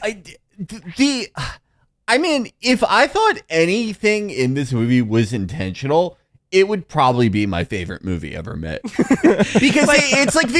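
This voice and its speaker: Man, podcast co-host, fairly high voice, animated pitch, stammering excitable tangents. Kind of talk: casual comedic film review chat.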